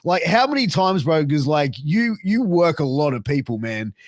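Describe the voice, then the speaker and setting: Male podcast host, casual and animated, dry studio sound, stammers through questions. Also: fairly high pitch, normal speed, no room sound. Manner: laughing, stammering, uses bro and like a lot.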